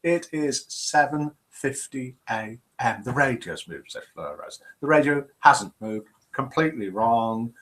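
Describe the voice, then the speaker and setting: A man's voice: medium pitch, lively intonation, a little slow, few pauses, fairly bright tone. An older man from England with a Midlands accent, hosting a live call-in show in a cheerful, chatty way and reading out viewer messages. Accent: English Midlands. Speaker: host. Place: home room.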